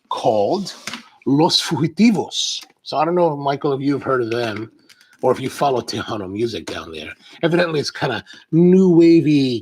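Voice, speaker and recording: A middle-aged man with a gravelly, creaky voice chats loosely on a live stream, wandering from story to story as he opens a box. A faint hiss sits under his voice. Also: medium pitch. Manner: rambling, chatty storyteller. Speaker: coffee channel host. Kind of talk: casual live-stream chat.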